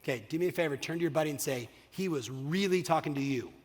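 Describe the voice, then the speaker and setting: A middle-aged man giving an energetic, profane motivational keynote on stage, often checking in with the audience. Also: on the high side, quick pace, a little hiss or hum. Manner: energetic, profane, asks the crowd "you with me?". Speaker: keynote speaker. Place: large hall on stage. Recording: long hall reverb.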